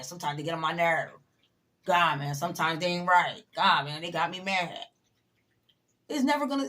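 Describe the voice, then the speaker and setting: Blunt, swearing woman giving a pep talk. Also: mid-range voice. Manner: blunt, emphatic, swears freely; preachy, talks straight to the viewer. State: a little tired. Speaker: motivational vlogger. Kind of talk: casual motivational talk to camera.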